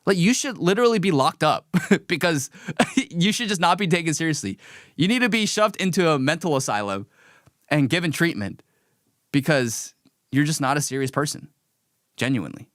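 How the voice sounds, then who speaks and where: A man's voice: a little high, very animated, normal speed, a bit bright, dry recording, clean studio sound. A man hosting a live political commentary stream, talking in a heated, emphatic and mocking way.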